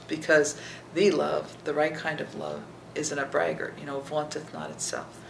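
Bible teacher explaining scripture verse by verse, gravelly and often hushed, recorded in an echoey room with noise behind. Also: mid-range voice, monotone, moderate pace. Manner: reads scripture aloud, then explains it verse by verse; checks in with listeners by asking "okay?".

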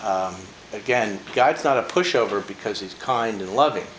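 An older preacher's voice sits on the low side yet sounds a bit bright, moving at normal speed. In his informal devotional talk he tells personal stories in a folksy, chatty way with frequent laughs and fillers, recorded in an echoey room with faint ambient noise.

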